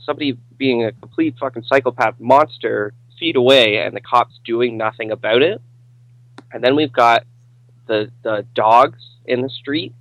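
A man's voice: medium pitch, a bit bright, no room sound, low-quality recording. Laid-back young man rambling about movies. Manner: rambling, swears casually, laughs often. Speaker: podcast co-host. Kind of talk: casual movie discussion.

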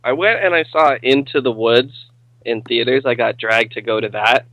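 A man's voice: medium pitch, moderate pace, fairly bright tone, no room sound, rough recording. A young man co-hosting a casual movie podcast, rambling, swearing casually and laughing often. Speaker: podcast co-host.

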